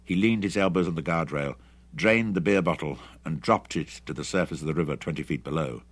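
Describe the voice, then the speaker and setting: A man narrating an adventure novel audiobook in an expressive, dramatic reading. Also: extremely low pitch, fairly quick, slightly rough, dry recording. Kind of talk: scripted narration.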